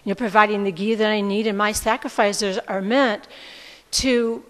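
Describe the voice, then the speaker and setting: A woman voicing a gentle, forgiving old male sage as she tells a scripture story. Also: medium pitch, moderate pace, big-room sound, lightly acted, poor audio. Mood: calm. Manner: calm, gentle.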